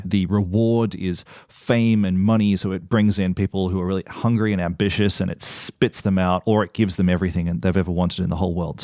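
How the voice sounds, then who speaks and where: A man hosting an interview podcast, reflecting on his guest's stories in a measured, thoughtful way. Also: low-pitched, a little mellow, no echo, studio quality. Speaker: podcast host. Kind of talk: conversational interview.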